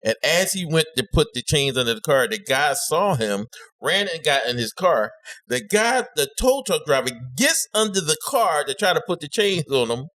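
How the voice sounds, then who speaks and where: A man co-hosting a podcast tells a story in loose, animated chat. His voice is bright and a little tense, sitting somewhat high for a man, and his pitch swings widely as he leaps into high-pitched impressions of the people in the story. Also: normal speed. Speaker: podcast co-host. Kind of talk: casual chat.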